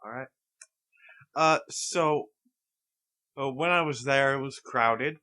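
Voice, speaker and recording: A man's voice: mid-range voice, slow pace, bright, forceful tone. A young man co-hosting a podcast in casual chat, venting with curses. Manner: venting, profane. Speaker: podcast co-host.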